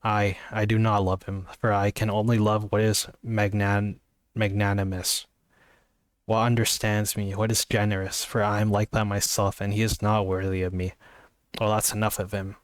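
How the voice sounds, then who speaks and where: A man voicing an emotional young woman in love, reading in an earnest, halting way from a novel. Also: on the low side, little pitch movement, clear, resonant tone, dry recording, clean studio sound, lightly acted. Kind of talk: amateur book reading.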